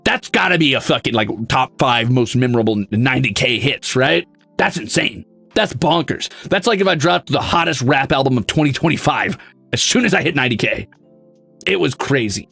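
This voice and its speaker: A young man streaming casually, reading chat messages aloud, excitable and swearing freely. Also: mid-range voice, normal speed, creaky, breathy edge, no room sound, faint music behind.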